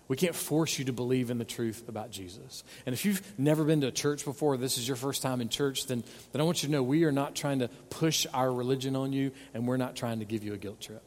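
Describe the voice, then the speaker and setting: A man's voice: mid-range voice, long reverb tail. A man preaching a sermon as pastor, earnest and pleading, stressing points by repeating words. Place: church sanctuary.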